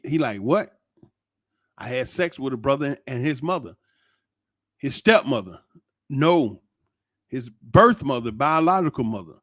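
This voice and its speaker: A middle-aged man hosts his own channel, rambling through stories in a loose commentary monologue full of restarts and exclamations. His voice sits at a medium pitch, recorded with studio quality and no echo. He comes across as an animated, meandering storyteller.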